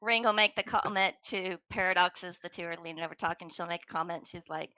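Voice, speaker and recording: Low, bright woman on a dull mic. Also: fast, clear, resonant tone, dry recording. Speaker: player. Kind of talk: playing a tabletop game.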